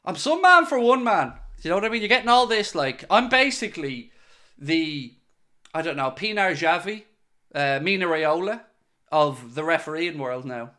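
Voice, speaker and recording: Irish male fan-channel host, casual solo commentary, wry and sarcastic, voice sits a touch high. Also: sing-song, normal speed, bright, forceful tone. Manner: playful, sarcastic, mock-serious pitching.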